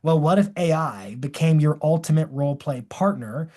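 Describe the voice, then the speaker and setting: A man presenting a live webinar, talking in an energetic, enthusiastic and demonstrative way. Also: on the high side, moderate pace.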